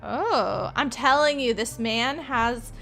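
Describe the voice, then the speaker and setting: A woman's voice: on the high side, slow pace, vocal fry, sharp tone, soft background music. A woman from Florida, a streamer chatting playfully with her viewers while she plays a point-and-click detective game. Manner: chatty, playful, talks to chat. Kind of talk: let's play commentary.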